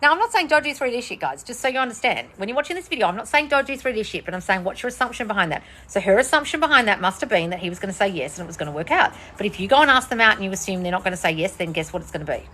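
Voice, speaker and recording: Racing along with hardly a pause, a woman manifestation coach answers viewers' questions on a casual livestream while sitting outside. Her voice is expressive, pushed, and bright, and her blunt, profane talk swings from shrill bursts down to low mutters.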